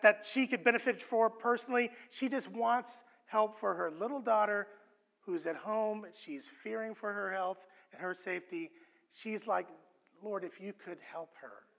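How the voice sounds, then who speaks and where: A man delivers a sermon in an earnest, expressive way, often stumbling over and restarting words as he works through his points. His voice sits high and bright. It carries a long reverb, as in a church hall. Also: creaky. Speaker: pastor.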